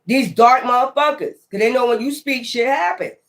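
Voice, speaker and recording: Animated, profane tarot reader. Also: mid-range voice, normal speed. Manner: animated, profane, calls listener child. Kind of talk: casual tarot reading.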